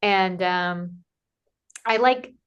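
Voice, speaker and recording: A woman's voice: fairly low pitch, extremely slow, smooth, lo-fi sound. Chatty woman telling a travel story. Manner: animated, acts out quoted dialogue, many "like" fillers. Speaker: podcast guest, Camino pilgrim. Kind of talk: casual conversational storytelling.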